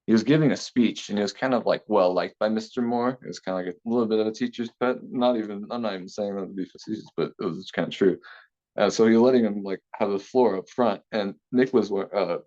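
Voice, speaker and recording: A young man telling a story from his school days in a relaxed interview, talking casually with many fillers and restarts. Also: on the low side, fast talker. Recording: slightly dull lo-fi sound.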